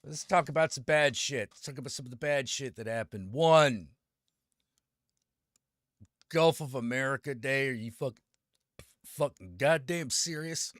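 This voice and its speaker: A man's voice: mid-range voice, measured pace, pauses often, a bit bright, dry recording, clean studio sound. A man live-streaming and chatting with viewers, ranting with a lot of swearing and greeting people by name. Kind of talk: casual live-stream chat.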